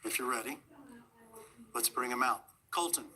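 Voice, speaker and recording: A man hosting a television show, asking steady, measured questions in an interview. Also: medium pitch, very noisy. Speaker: TV show host.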